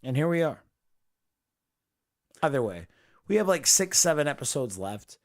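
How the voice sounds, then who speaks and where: A man hosting a casual late-night podcast, swearing a lot and swinging from low mumbles into shouted rants. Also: big pitch swings, moderate pace. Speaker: podcast host.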